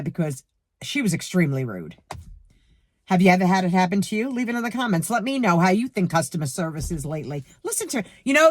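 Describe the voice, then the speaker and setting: A middle-aged woman with a New York accent ranting to her viewers about a rude cashier, heated and animated, speaking to them directly. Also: fairly low pitch, no room sound. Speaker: vlogger. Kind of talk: storytime rant to camera.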